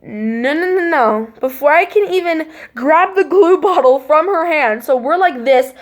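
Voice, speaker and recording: A young woman casually recounting a spooky childhood story, acting out voices and gestures and dropping to a hush at tense moments. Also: high voice, unhurried. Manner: animated, acts out voices and gestures; drops to hushed tones at tense moments.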